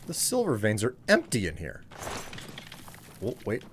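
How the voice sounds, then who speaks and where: A man's voice: lowish voice, huge pitch swings, measured pace, a crowd in the background. A man streamer giving casual, dry and sarcastic commentary while playing a game.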